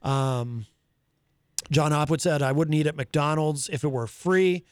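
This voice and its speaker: A man's voice: on the high side, measured pace, clean tone, no room sound. A man hosting a live talk show in casual chat, reading viewer comments aloud and rambling with many fillers and restarts. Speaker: host.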